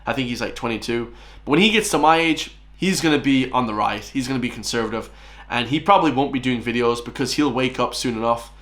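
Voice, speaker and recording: A man in his late twenties rants through a reaction commentary in a mid-pitched voice. He sounds scornful and combative, and keeps turning to his viewers as lads and guys. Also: quick pace, a bit bright. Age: 20s.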